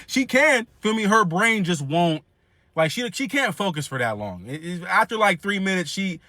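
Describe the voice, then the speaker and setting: A man's voice: high voice, sing-song, normal speed, sharp tone, dry recording, clean studio sound. A young man telling a comedic story in casual, slangy, profane speech with many restarts.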